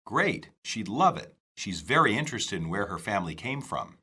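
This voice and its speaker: A man reading scripted dialogue for an English lesson, slow, clear and careful. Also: fairly low pitch, very animated, pushed and bright.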